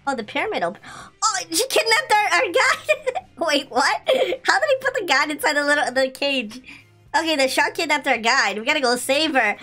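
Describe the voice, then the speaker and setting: A young woman giving excitable, giggly commentary while playing a video game. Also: sits high, brisk, faint music behind. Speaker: gaming channel host.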